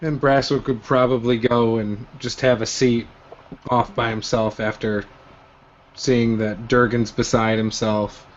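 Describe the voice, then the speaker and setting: A man describes his character's actions in a tabletop game with relaxed, conversational ease. His voice is mid-pitched. The stream audio is slightly muffled. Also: a little slow. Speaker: player.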